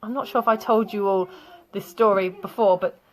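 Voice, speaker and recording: A woman's voice: medium pitch, steady tone, moderate pace. A woman, teaching vocabulary in a chatty way, often laughing and telling anecdotes. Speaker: English teacher. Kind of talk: online English vocabulary lesson.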